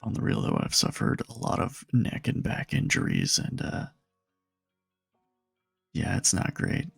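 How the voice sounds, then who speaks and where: Gravelly jokey male streamer. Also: medium pitch, animated, a little slow, no echo, clean studio sound, soft background music. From Nebraska, USA. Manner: joking banter with chat. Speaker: live streamer. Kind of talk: casual live-stream chat.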